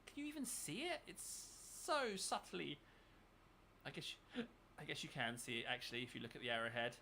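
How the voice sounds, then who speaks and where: A man's voice: high-pitched, bright, forceful tone, a little hiss or hum. A man chatting casually and thinking aloud as he paints for his channel. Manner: thinks aloud, mutters while working. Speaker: miniature painting channel host. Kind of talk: casual chat while painting.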